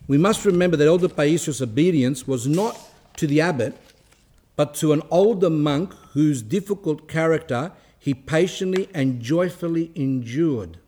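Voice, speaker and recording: Guy giving a spiritual talk, kinda high voice, reads a bit then explains it casually. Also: lively intonation, normal speed, dark tone. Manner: conversational, reads quotes aloud then explains them. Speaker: religious teacher. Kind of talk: spiritual talk reading and commenting on a saint's life.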